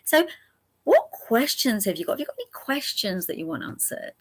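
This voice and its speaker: A woman's voice: fairly high pitch, big pitch swings, breathy edge. A woman hosting a live angel card reading, chatty and laughing often as she speaks straight to her viewers. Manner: repeats options slowly and gently.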